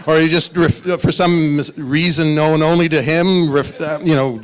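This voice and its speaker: A male film co-writer and director on a festival panel, telling anecdotes in an animated way and laughing often. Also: fairly high pitch, measured pace. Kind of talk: casual panel talk.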